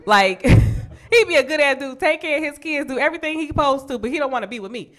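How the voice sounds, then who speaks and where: A young adult woman with a Chicago accent doing a profane stand-up comedy set on a club stage, brash and quick to jump into high squealing voices for the people she quotes. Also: animated.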